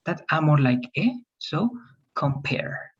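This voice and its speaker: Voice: medium pitch, very animated, slightly rough, dull audio. Patient teacher giving pronunciation feedback. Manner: patient, repeats words slowly for the student. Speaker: English teacher. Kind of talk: giving feedback in an online English class.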